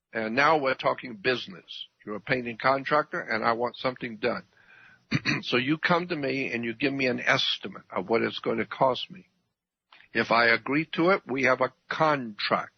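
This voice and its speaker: Husky, emphatic man on talk radio. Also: mid-range voice, no echo. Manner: emphatic, repeats points, clears throat often. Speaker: radio guest. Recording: dull dry radio audio.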